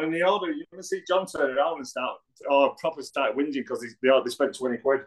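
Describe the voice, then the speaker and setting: A man's voice: fairly high pitch, quick pace, few pauses, poor audio. A man, a guest trading jokey stories in casual banter and mimicking the people he quotes.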